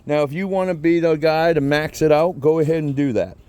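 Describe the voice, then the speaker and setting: A man's voice: fairly high pitch, brisk, darkish tone, clear, resonant tone, dry recording. Chatty folksy man reviewing a product. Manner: chatty, folksy, repeats himself. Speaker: product reviewer, channel host. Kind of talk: casual product review vlog. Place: outdoors by a vehicle, then indoor man cave.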